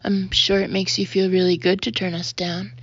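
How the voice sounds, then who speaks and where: A pushy male colleague pleads and presses in an audiobook scene, as a woman reads him out. The voice is husky and insistent, and the audio sounds muffled and dull. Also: mid-range voice, flat delivery, moderate pace, dry recording. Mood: urgent pleading. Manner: urgent, pressing. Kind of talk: audiobook character reading.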